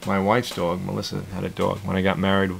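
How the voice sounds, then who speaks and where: A man's voice: deep voice, monotone, quick pace, creaky, slight background noise. A man in his thirties, a cartoon creator casually chatting in an interview, rambling and repeating his words with chuckles.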